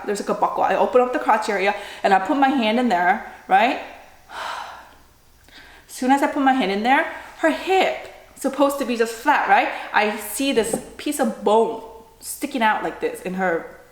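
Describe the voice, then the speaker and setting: Woman, 30s, mother, storytime vlog, animated re-enacting, keeps saying "right?", echoey room. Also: a little high, normal speed. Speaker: mother telling a family story. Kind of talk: storytime vlog, casual retelling. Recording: roomy echoing room sound.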